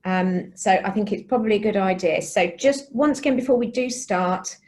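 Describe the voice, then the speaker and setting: A woman's voice: medium pitch, moderate pace, darkish tone. A woman co-chairing and hosting an online community workshop on a video call, polite and organised. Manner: polite, organised, lightly apologetic.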